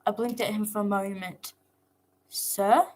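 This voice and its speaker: A woman reading a fan fiction story aloud in first person, with a steady, measured manner. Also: medium pitch. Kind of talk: first-person read-along narration.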